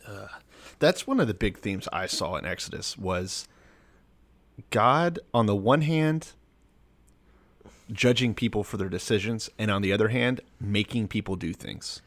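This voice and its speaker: A man co-hosting a relaxed podcast discussion, working through ideas in an analytical, thoughtful way with dry humor. His voice sits fairly low for a man. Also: a little slow, long pauses. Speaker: podcast co-host. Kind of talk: casual chat.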